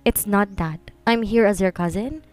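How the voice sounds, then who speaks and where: A woman voicing a concerned young male cousin who asks calm, probing questions. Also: medium pitch, normal speed, faint music behind, close to an everyday voice.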